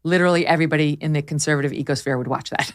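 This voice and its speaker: Woman podcast host, low-pitched, emphatic and animated, opinionated casual chat on a studio mic. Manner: emphatic, quick, animated with laughs.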